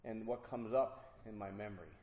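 A middle-aged man earnestly telling a personal recovery story to an audience, with halting restarts. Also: on the low side, dark tone. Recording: roomy hall with faint noise.

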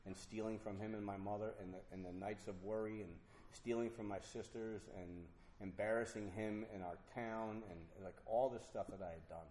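A middle-aged man earnestly telling a personal recovery story to an audience, with halting restarts. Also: on the low side, steady tone, mellow. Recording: roomy hall with faint noise.

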